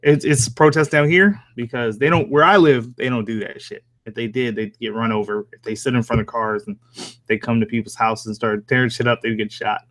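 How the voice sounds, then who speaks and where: A man's voice: medium pitch, fairly even intonation, brisk, fairly bright tone, dry recording. Man, Jersey and country accent mix, casual live-stream chat, laid-back, profane, chuckling, dry close sound. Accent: mix of New Jersey and American Southern country. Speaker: horror story narrator live-streaming. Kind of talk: casual live-stream chat, reading and answering viewer comments. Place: at home.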